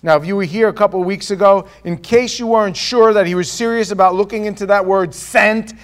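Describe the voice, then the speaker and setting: An older male pastor with a high-pitched voice preaches a sermon, telling stories and asking rhetorical questions. He swings between loud bursts and hushed, quiet passages.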